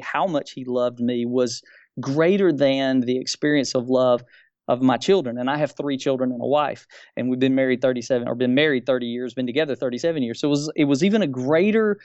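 A man's voice: mid-range voice, a little fast, darkish tone, dry recording, muffled recording. A man in his fifties telling a personal religious experience as a debate guest, earnest and groping for words. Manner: earnest, searching for words, repeats key phrases.

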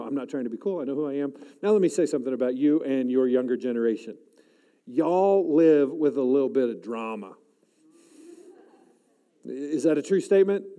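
A man in his forties preaches a chapel sermon in a mellow, fairly high voice. He pushes up loud on emphatic lines and drops low and quiet to pray, calling out to the audience for responses. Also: in a large hall. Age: 40s. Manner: animated, rising loud for emphasis, dropping soft to pray; calls out to the audience. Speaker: chapel speaker.

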